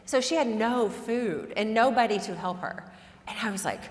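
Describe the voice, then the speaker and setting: A woman's voice: on the high side, moderate pace. Chatty woman storyteller in echoey hall. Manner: chatty, self-deprecating, laughs often. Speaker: guest lecturer and author. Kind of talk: conversational storytelling lecture.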